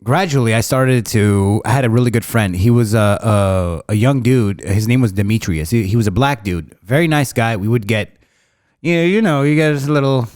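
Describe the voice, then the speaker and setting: A man's voice: mid-range voice, normal speed, darkish tone, dry recording, studio quality. A man in his thirties hosting a podcast, telling rambling casual stories with lots of slang. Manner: rambling, slangy, says bro a lot. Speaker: podcast host. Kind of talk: casual storytelling chat.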